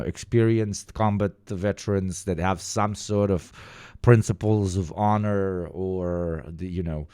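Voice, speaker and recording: A man giving casual, profane reaction commentary, telling stories with lots of fillers and animated bursts. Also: low voice, clean tone, no room sound, clean studio sound. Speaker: reaction streamer.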